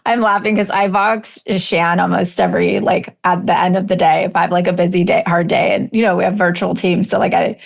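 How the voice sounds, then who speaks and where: A woman hosting a group coaching call, encouraging and animated, with a gravelly voice and many casual fillers. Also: lowish voice, brisk, few pauses. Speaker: host and leadership coach.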